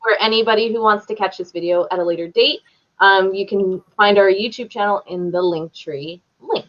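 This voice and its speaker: A woman's voice: mid-range voice, moderate pace, fairly bright tone. Woman host with dull lo-fi audio. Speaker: livestream co-host. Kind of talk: casual interview hosting.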